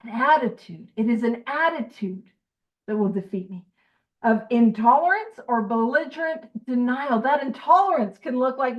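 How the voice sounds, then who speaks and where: A high-pitched woman chairs a recovery study meeting, reading passages and breaking into emphatic, joking asides. Her voice comes through slightly muffled, like online call audio. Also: lively intonation, moderate pace.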